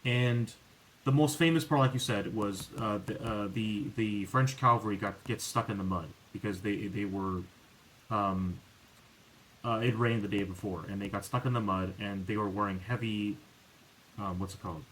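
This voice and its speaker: A man's voice: on the low side, normal speed, a little hiss or hum, low-quality recording. Rambling man on a casual podcast. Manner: rambling, many restarts and fillers, animated when exasperated. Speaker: podcast host. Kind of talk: casual chat.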